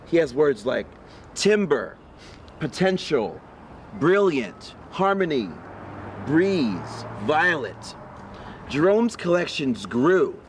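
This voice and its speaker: Slow-reading man telling a story outdoors. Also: a little high, a little hiss or hum. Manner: slow, lively read-aloud with questions to young listeners. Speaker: storybook reader for children. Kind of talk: read-aloud storytelling. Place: outdoors in a park on a windy day.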